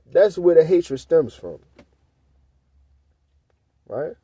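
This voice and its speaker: Mellow-voiced man teaching scripture casually. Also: on the high side, sing-song, extremely slow, breathy edge, no room sound. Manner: reads verses aloud, then comments in loose, blunt asides, often tagging "right?". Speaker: Bible teacher.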